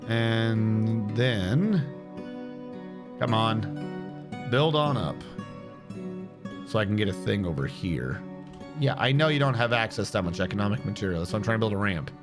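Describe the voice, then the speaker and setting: Casting: low-voiced male streamer, chatty and relaxed, thinks aloud over plucked guitar music. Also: measured pace, pauses often. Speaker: streamer playing a building game. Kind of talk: casual gameplay commentary. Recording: game stream with music behind.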